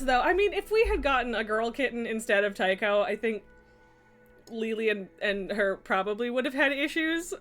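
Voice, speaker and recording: A woman's voice: fairly high pitch, fairly bright tone. A woman live streamer chatting casually from her home streaming room, laughing often, swearing and scolding her cats.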